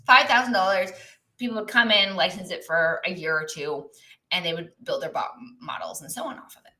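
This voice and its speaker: On a live stream, a business coach with a bright, forceful, mid-range voice guides her viewers in a loose, conversational manner. She frequently ends lines with "right?" or "okay?" and takes questions from the chat as they pop up.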